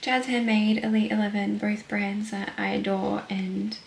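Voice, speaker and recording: A woman's voice: medium pitch, flat delivery, measured pace, vocal fry. A bubbly woman in her thirties chatting casually to camera at home, laughing often. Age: 30s. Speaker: vlogger. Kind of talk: casual vlog chat to camera. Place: at home indoors. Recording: echoey room, noisy background.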